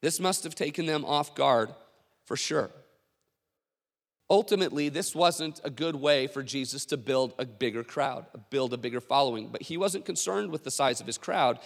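A man preaching a sermon as a pastor, telling stories in a conversational, animated way with many fillers. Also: mid-range voice, normal speed, creaky, long reverb tail.

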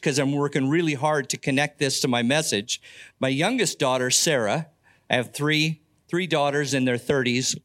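Older male pastor, slightly high voice, unhurried earnest sermon delivery, folksy asides. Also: fairly bright tone.

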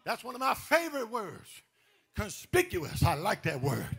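A man preaching a call-and-response sermon as a pastor, shouting and half-singing his lines. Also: high-pitched, huge pitch swings, moderate pace, vocal fry, breathy edge.

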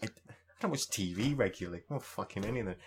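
A young man with a southern English accent rants his way through a casual podcast chat, swearing freely and breaking into restarts. His voice sits fairly low. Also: animated, fast, slight background noise. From southeast England. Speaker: podcast co-host.

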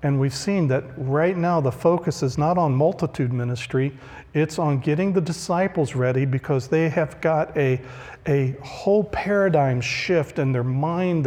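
A man's voice: a little high, darkish tone. A man preaching a conversational sermon, acting out the voices he quotes. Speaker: pastor. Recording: long reverb of a large hall.

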